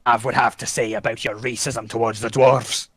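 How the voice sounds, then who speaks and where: A man's voice: medium pitch, little pitch movement, normal speed, a loud crowd, voice pushed down, lightly acted. A man voicing a boastful male dwarf noble with a blustering manner and a put-on pirate voice that slips toward Scottish.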